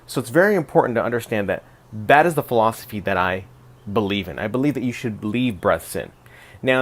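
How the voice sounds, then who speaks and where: A man with a fairly low voice explains a podcasting technique in a loose, conversational way. He talks straight to camera like a radio and podcast pro sharing tips, and now and then restarts a sentence. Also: a bit bright. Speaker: podcast producer and radio broadcaster. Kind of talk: instructional talk to camera.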